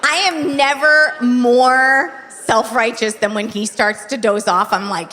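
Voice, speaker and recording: A woman's voice: on the high side, fairly even intonation, slow pace, pushed and bright. A woman doing stand-up comedy on a theater stage, chatty and confiding, checking in with the crowd into a handheld mic. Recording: reverberant live venue, faint noise.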